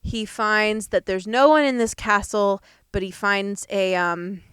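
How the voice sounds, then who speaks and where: A woman's voice: medium pitch, steady tone, unhurried, fairly bright tone, clear, resonant tone, no room sound, studio quality. A young woman co-hosting a podcast, recapping a movie in casual chat, laughing often and full of fillers. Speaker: podcast co-host.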